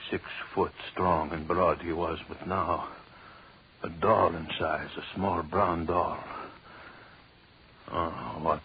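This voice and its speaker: An actor playing a cruel, obsessed jealous husband in a 1940s radio horror play, brooding and menacing. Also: male voice, low-pitched, steady tone, takes it slowly, long pauses. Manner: brooding, menacing, builds to frantic shouting. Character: cruel, obsessed jealous husband holding his wife captive. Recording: dull hissy 1940s radio broadcast.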